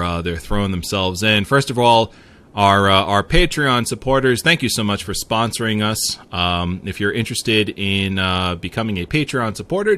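Podcast host, male, New York accent, low voice, lively and bright, rambling jokey sponsor reads. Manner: joking, rambling, laughs often.

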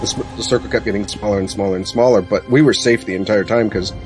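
A man on a casual gaming podcast who talks fast and gets straight to the point. His voice sits fairly low. Music plays clearly behind him. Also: fairly even intonation, a little mellow.

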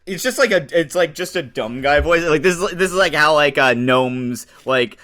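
A man's voice: a little high, expressive, normal speed, sharp tone. A man playing a tabletop game, rambling with many fillers and laughs. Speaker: player. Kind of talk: casual tabletop play.

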